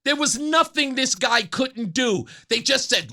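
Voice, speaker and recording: A man's voice: very high-pitched, expressive, measured pace, bright, forceful tone. A middle-aged man hosting a talk radio show, delivering an opinionated monologue and mocking opponents with put-on whiny voices.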